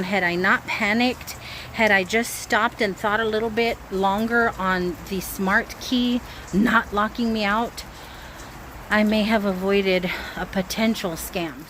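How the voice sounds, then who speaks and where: Woman vlogger, worried and talkative, shot on a phone outside with clear background noise. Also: mid-range voice, a bit bright, low-quality recording. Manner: anxious, chatty storytelling. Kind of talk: casual vlog talking to camera. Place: outdoors by a grill. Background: wind and outdoor ambience.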